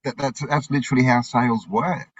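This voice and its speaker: A man's voice: mid-range voice, fairly even intonation, brisk, breathy edge, dry recording, dull audio. A man talking in casual conversation, rambling with frequent restarts and tag questions.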